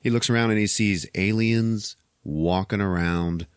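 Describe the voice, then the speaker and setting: Brief: podcast host, lowish male voice, dry close sound, animated profane recap. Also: unhurried, smooth, dry recording. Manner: animated retelling, profane, laughs often. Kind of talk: casual movie recap chat.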